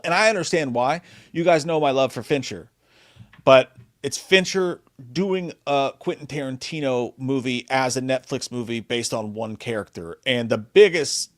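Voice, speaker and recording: A man's voice: mid-range voice, dry recording. A man co-hosts a live movie talk stream from a home setup, rambling into profane, joking rants. His voice sits mid-range and sounds dry and close to the mic. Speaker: co-host of a live movie show. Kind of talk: casual live-stream chat.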